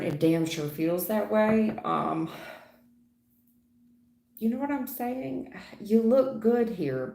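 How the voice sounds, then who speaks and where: A middle-aged woman doing a live tarot reading, blunt and slangy, teasing and animated as she talks to viewers. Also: lowish voice, gravelly, reverberant. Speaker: tarot reader.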